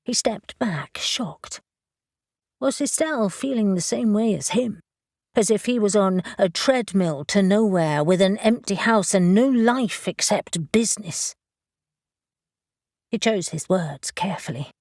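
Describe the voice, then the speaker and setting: A woman narrating an audiobook in an even, measured manner. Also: mid-range voice, no echo, clean studio sound. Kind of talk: scripted narration.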